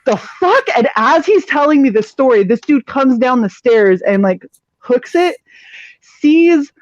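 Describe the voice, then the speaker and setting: A woman with a high voice tells a rambling story on a live stream. She swears freely and acts out each person she quotes. The audio is dry and muffled, like a lo-fi mic. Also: a little slow, no echo. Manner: profane, animated storyteller who acts out the people in her story. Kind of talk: casual storytelling chat.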